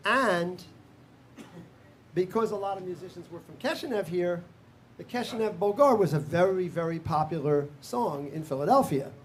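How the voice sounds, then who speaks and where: High-voiced older man leading a music workshop. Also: animated, moderate pace, slight background noise. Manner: scats melodies, counts in, laughs often. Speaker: workshop leader. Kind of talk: teaching a live music workshop.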